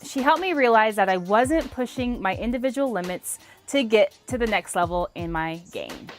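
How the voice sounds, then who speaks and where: A woman in her thirties, a former softball player, telling a lively motivational story to camera. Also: on the high side, moderate pace, soft background music.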